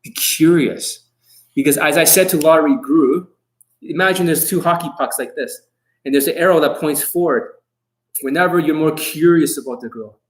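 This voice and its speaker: A man's voice: on the high side, moderate pace, poor audio. A man coaching on dating in a livestream monologue, brash and combative, swearing often and boasting about himself in the third person.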